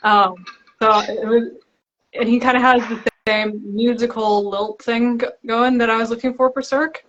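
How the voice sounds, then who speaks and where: A woman's voice: a little high, steady tone, moderate pace, a bit bright. A young woman, an author, chatting casually and laughing often on a live video chat. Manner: giggly, chatty. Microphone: video call. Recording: lo-fi livestream audio.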